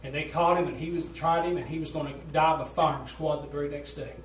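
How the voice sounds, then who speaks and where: Preacher guy, folksy and earnest, kinda high voice, sounds far off in a big echoey room. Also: fairly even intonation, fast talker, a little hiss or hum. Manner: folksy, earnest storytelling with rising fervor. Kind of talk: sermon. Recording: roomy echo, voice from a distance.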